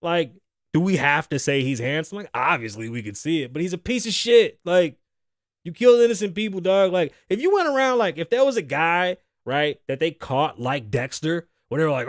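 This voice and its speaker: A man in his thirties hosting his own podcast, riffing in a loud, joking, profane way. His voice sits high and swings up and down a lot. The sound is dry and close, with no room around it. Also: normal speed, no room sound. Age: 30s. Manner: profane, animated, joking, laughs often. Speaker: podcast host. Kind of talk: casual solo podcast rant. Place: studio.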